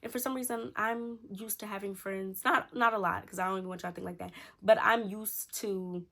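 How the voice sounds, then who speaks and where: A woman's voice: medium pitch, fairly even intonation, fairly quick, creaky, fairly bright tone. A young woman in her twenties casually telling a storytime to her viewers, chatty and slangy. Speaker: storytime vlogger.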